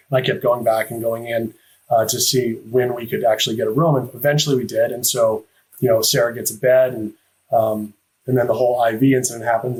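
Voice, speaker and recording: A professional golfer talking on a podcast, halting, with many fillers and restarts. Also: male voice, mid-range voice, a little mellow, poor audio. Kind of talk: casual podcast chat.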